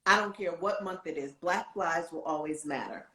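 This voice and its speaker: A woman's voice: fairly low pitch, normal speed. Chatty woman co-host in an echoey room. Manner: chatty, animated recounting. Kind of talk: casual talk show chat.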